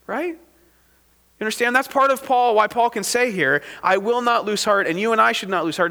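A man's voice: sits high, normal speed, vocal fry, pushed and bright, big-room sound. A man preaching a sermon as a pastor, in a conversational style with frequent "right?" asides to the congregation.

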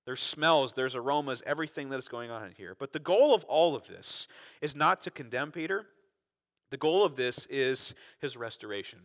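A male pastor delivers a sermon with a bright, forceful tone and a slightly raised pitch. He reads the scripture with expression and then unpacks it in a relaxed, conversational manner, tossing in rhetorical questions and asides. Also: moderate pace. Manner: expressive scripture reading, acting out quoted voices.

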